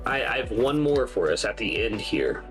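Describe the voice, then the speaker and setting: Animated man hosting a livestream. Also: fairly low pitch, normal speed, rough recording. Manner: animated, laughs often, addresses chat. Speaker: stream host. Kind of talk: casual livestream chat. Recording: music playing behind.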